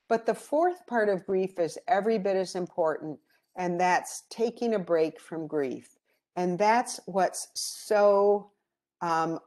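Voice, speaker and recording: Slow, gentle woman presenting. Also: fairly low pitch. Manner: calm, gentle storytelling. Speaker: grief educator. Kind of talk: educational presentation.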